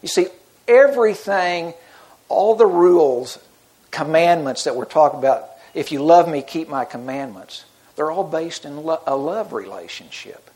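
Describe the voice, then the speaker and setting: Earnest man preaching, slightly high voice. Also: lively intonation, moderate pace, darkish tone. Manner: earnest, conversational preaching with frequent restarts. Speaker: pastor. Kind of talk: sermon.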